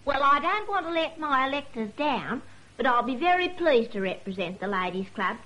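A woman's voice: sits high, very animated, moderate pace, pushed and bright, full character voice, rough recording. An actress playing a cheerful, ambitious country woman on the council in a vintage radio serial. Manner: eager, naive, chatty.

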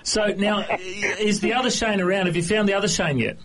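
A man's voice: high-pitched, steady tone, fairly quick, very noisy. A man with an Australian accent, hosting a live radio interview in a friendly, easy-laughing way. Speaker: radio host.

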